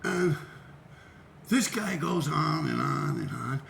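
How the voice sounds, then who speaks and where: A middle-aged man telling a profane, animated story about his graffiti past and acting out the voices of people he quotes. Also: a little high, slow pace, gravelly, reverberant, a little hiss or hum. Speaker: graffiti writer and show host. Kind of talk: casual storytelling.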